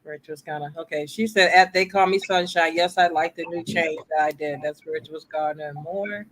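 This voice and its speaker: A man's voice: a little high, steady tone, moderate pace, fairly bright tone, dry recording. A man chatting casually as a guest player on a live game show stream, easygoing and playful. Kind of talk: casual chat.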